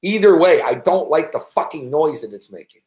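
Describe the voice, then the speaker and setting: A man hosting a late-night sports betting show, ranting loudly and cursing constantly. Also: fairly high pitch, animated, normal speed, roomy sound. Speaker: host. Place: indoor home studio.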